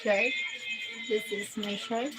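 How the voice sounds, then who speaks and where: A woman's voice: mid-range voice, steady tone, slow, over loud music, rough recording. A woman from the Philippines hosting a casual live stream, who greets viewers by name and laughs often.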